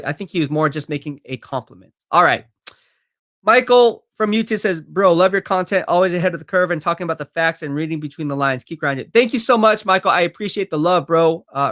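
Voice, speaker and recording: A man's voice: on the high side, fairly quick, a bit bright. A man live-streaming football talk, reading viewer comments and answering them in a confident, chatty way. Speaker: sports streamer.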